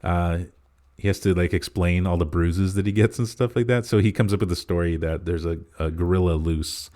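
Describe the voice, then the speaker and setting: Deep-voiced man rambling through a movie recap. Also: brisk, dark tone. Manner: rambling plot recap full of "uh" fillers. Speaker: podcast co-host. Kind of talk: casual movie review chat.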